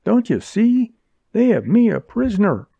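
A man's voice: high voice, sing-song, measured pace, creaky, breathy edge, no echo, voice pushed up, exaggerated voice. A man reading an audiobook, voicing a fierce, commanding young woman held captive by outlaws. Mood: urgent. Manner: sharp, commanding, urgent. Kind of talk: audiobook character voice. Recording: dull lo-fi recording.

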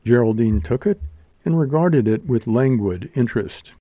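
A man narrating an audiobook in a measured, even reading. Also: medium pitch, no echo, phone-quality sound. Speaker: audiobook reader. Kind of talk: scripted narration.

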